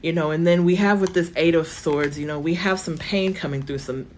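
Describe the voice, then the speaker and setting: Chatty woman reading tarot, voice going hoarse. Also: deep voice, fairly even intonation, brisk, a little mellow, slight background noise. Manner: chatty, reassuring, thinks aloud with many fillers. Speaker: tarot reader. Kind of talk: live-stream tarot reading. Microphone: phone.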